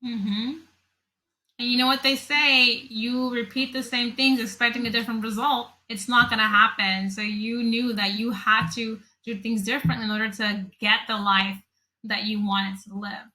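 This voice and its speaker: A woman hosting an interview podcast, affirming her guest and asking gentle questions. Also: on the high side, flat delivery, normal speed, poor audio. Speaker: podcast host.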